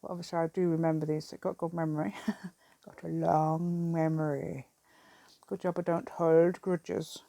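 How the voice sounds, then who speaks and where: A woman talks her way through a craft project at an outdoor table in a casual, rambling vlog style. Her voice sits a little low, and the recording is dry and close. She keeps the chat loose and self-deprecating. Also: steady tone, a little slow, vocal fry, warm tone, dry recording. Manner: rambling, chatty, self-deprecating with frequent laughs. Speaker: craft vlogger. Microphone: camera set on the table.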